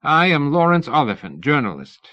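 Male narrator doing a genteel Victorian gentleman, courteous and raised in pitch, bright tone, dull lo-fi audio. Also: very animated, normal speed. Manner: polite, genteel, feigning innocence. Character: suave, cordial Victorian gentleman journalist.

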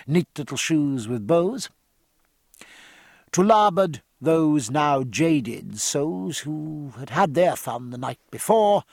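A man narrating an audiobook with an expressive, varied reading. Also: on the high side, no echo.

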